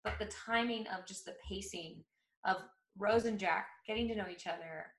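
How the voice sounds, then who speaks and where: A woman's voice: mid-range voice, normal speed, fairly bright tone, roomy sound. A woman in her thirties co-hosting a podcast, chatty and laughing as she tells stories and acts out quotes. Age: 30s. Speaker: podcast co-host. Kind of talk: casual chat.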